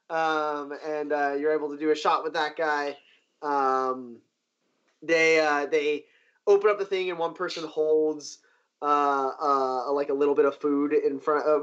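An animated man runs a tabletop game, his voice sitting a touch high. He narrates loosely and keeps jumping up into cheering crowd voices. The sound is dull and lo-fi. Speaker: game master.

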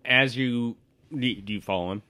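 A man narrating a tabletop game as game master, relaxed and descriptive with small hesitations. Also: mid-range voice, moderate pace, clean tone.

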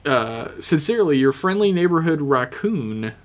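A man co-hosting a podcast, reading listener emails with deadpan, profane jokes. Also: on the high side, moderate pace. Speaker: podcast co-host.

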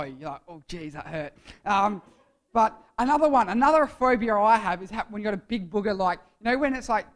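A man with a high, light voice gives an interactive youth sermon. He jokes and fires questions at the crowd, calling on people by name. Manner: playful, jokey, quizzes the audience. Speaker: youth preacher.

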